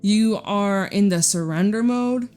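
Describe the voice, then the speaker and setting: A young woman gives a casual tarot reading, chatty and blunt, swearing freely and laughing often. Her medium-pitched voice is unhurried and a little mellow, with soft music in the background.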